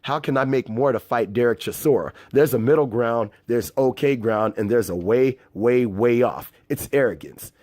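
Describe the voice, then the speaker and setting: A man's voice: mid-range voice, a little mellow, no echo. A man from the US hosting a boxing news channel, reading articles aloud and giving casual, slangy, fired-up opinions. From United States. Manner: casual, slangy, worked-up commentary.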